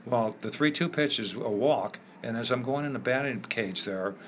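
An older man from Chicago, a guest in an interview, telling lively anecdotes with many fillers. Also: medium pitch, moderate pace, a little hiss or hum. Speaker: interview guest, former ballplayer. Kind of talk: storytelling in a conversation.

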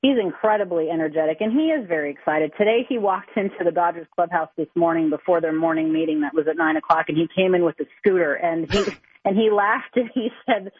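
A woman reporter speaks quickly and eagerly in a phone-in interview. Her voice is husky and comes through a tinny, narrow phone line. The sound is dry and close. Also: fairly low pitch. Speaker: sports reporter calling in. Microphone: telephone.

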